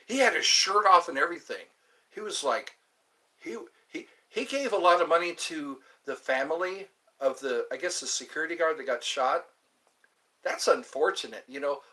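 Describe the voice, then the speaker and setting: A man's voice: a little high, sharp tone. A man hosting a livestream, chatting in a rambling, amused way that keeps drifting into asides, heard through a computer mic. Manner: meandering, amused, trails off into asides. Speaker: livestream host. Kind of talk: rambling casual chat to viewers.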